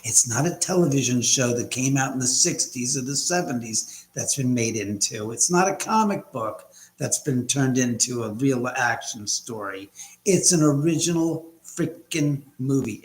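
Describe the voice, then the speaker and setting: A man's voice: medium pitch, expressive, normal speed. A man hosting a casual live stream from home, rambling and blunt with casual swearing. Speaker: livestream host. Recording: echoey room.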